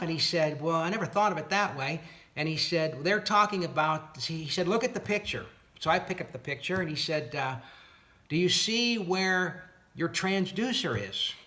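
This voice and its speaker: A man telling a long story about a dispute over his boat motors, reenacting both sides of the talk and sounding fed up and incredulous. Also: on the high side. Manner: animated retelling with exasperated, incredulous asides. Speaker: boat owner recounting a dispute. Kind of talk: casual storytelling to camera.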